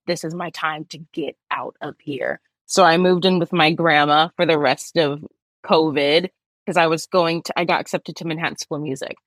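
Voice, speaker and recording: A woman's voice: low-pitched, fairly bright tone, no echo. A young woman with a Bronx New York accent, chatting as a podcast guest and laughing often. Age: young adult. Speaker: guest, Broadway performer. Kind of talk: casual interview chat.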